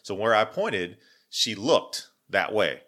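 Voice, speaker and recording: Animated, lively-voiced man telling a story. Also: fairly low pitch, slow. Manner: animated storyteller, acts out voices in quotes, swears freely. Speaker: podcast co-host. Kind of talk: casual storytelling chat.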